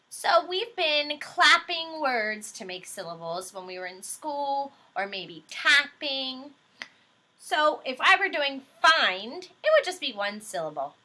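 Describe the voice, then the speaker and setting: A patient woman teacher explains phonics to young children at an unhurried pace. Her voice is bright and clear, and she moves it up and down a lot to keep little listeners with her. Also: a little high. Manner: slow, patient, explains step by step.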